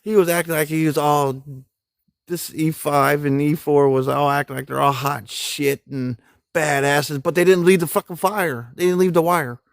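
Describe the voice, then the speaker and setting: A man's voice: on the high side, fairly even intonation, moderate pace, gravelly, no room sound, clean studio sound. A middle-aged man and army veteran telling rambling, profane stories on a live stream, laughing often, with folksy grammar. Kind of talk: casual storytelling on a live stream.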